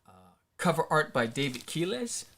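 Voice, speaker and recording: A middle-aged man hosting a live stream as an independent comic creator, talking casually in a rambling, excitable way with many fillers. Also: a little high, normal speed.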